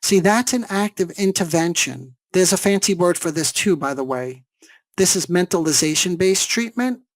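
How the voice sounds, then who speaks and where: A man's voice: high-pitched, animated, normal speed, no room sound. A man giving a seminar lecture on therapy, explaining step by step and checking in with rhetorical questions. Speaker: psychologist teaching a seminar.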